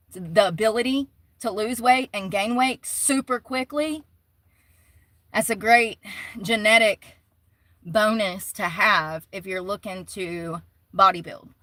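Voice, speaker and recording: A woman's voice: medium pitch, a bit bright, dry recording. A young woman, rambling and swearing freely as she livestreams from a phone around her vehicle. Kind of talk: casual livestream chat. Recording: vehicle noise behind voice.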